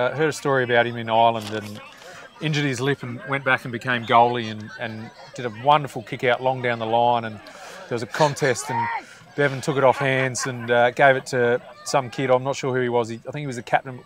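A man's voice: mid-range voice, fairly bright tone. A man co-commentating a live football match outdoors, full of jokes and nicknames. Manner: jokey banter, playful nicknames.

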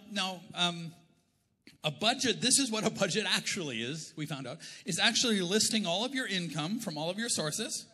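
A middle-aged Canadian pastor preaches in a loose, joking, conversational way, his fairly high voice bright and forceful. The sound carries the long reverb of a large church hall. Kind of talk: sermon. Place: church auditorium.

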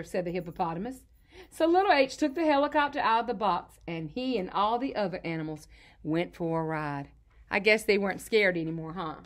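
Woman teacher, kindergarten phonics lesson, sing-song and encouraging, high lively voice. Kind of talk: reading a storybook and teaching phonics to young children.

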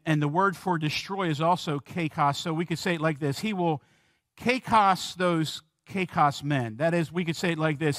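A male pastor preaches a sermon in a church, his voice sitting high for a man. He leans hard on key words, slows down for effect and puts questions to his listeners. The sound is dry and close, with little room echo. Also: fairly bright tone. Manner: asks the congregation questions.

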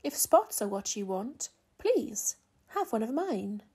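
A gentle fish from a picture book pays a soft compliment, as a woman reads her. Her voice is slow and mellow, with a breathy edge. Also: fairly high pitch, very animated, exaggerated voice. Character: sweet, generous female fish.

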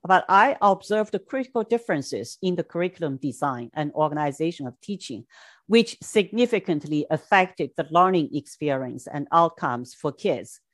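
A middle-aged woman from China giving an academic lecture in short, measured phrases, with occasional Mandarin asides. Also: low voice, lively intonation, no echo. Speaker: education scholar giving a lecture. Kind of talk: academic talk with slides.

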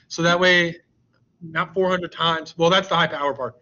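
A man's voice: on the high side, fairly even intonation, normal speed, sharp tone, dull audio. A male science teacher leading an online class, joking with and coaxing his students. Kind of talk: online class with a slide deck.

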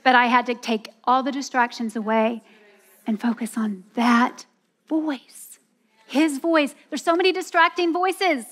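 A woman with a high-pitched, somewhat bright voice preaches at a slightly slow pace to a women's church event. Her sermon is an earnest personal story, and she acts out the voices of others with laughter.

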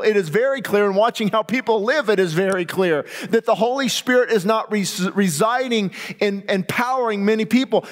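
High-voiced guy preaching in a church, big echo, gets loud then goes way quiet. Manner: passionate, rising to near-shouts then dropping low and quiet. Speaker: pastor. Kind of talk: sermon. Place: church sanctuary. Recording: long hall reverb.

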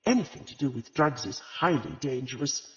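A man reading the lines of a gentle, sensible vicar's wife, speaking earnestly and with caution. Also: medium pitch, animated, normal speed, natural voice. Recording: reverberant, slightly dull audiobook recording.

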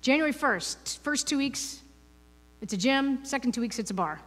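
A woman's voice: high-pitched, lively intonation, moderate pace, fairly bright tone, slight background noise. A woman giving a conversational, playful spiritual talk as a guest speaker, asking the audience rhetorical questions. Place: church hall. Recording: reverberant hall.

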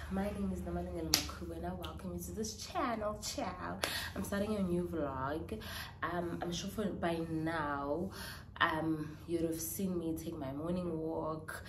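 A young South African woman vlogging in a casual, heartfelt way, chatty and emotional with hesitant pauses. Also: deep voice, noisy background. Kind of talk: casual personal vlog. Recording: roomy echo with clear background ambience.

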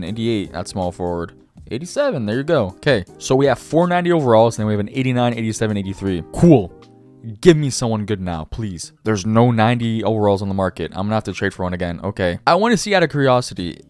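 A man's voice: lowish voice, a little mellow, smooth. A young man giving casual, chatty gameplay commentary, talking to the game and his viewers with self-mocking remarks. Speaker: gaming YouTuber. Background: faint background music.

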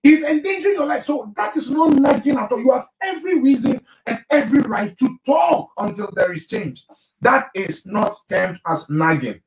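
A man's voice: extremely high pitch, animated, normal speed. A male pastor hosting a live marriage broadcast, speaking emphatically and preaching straight to his listeners. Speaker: pastor and marriage show host. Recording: roomy, distant mic.

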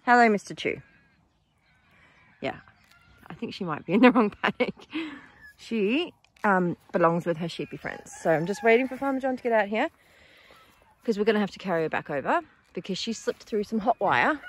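A woman's voice: medium pitch, very animated, normal speed, long pauses. A woman keeping a farm sanctuary, chatting in a casual morning vlog outdoors and cooing at the animals in baby talk.

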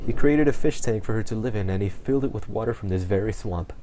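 A man putting on a vague old man voice for a courteous elderly host who tells local legends slowly. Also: on the low side, mellow, a little hiss or hum, natural voice. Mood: storytelling. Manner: slow, courteous storytelling. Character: kindly old male innkeeper telling legends.

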